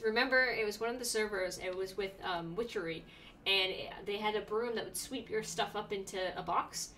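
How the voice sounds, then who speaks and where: Young woman, gameplay commentary, excitable, chatty, bright voice, distant mic, faint typing. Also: mid-range voice, slight background noise. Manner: chatty and excitable, with sudden squeals. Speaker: let's play streamer.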